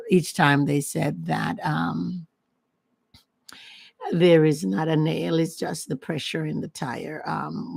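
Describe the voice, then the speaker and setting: A woman's voice: sits low, creaky, darkish tone. A woman hosting her own casual livestream, talking in a rambling, emphatic way and often repeating herself. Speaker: host of a personal talk channel. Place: at home with her dog.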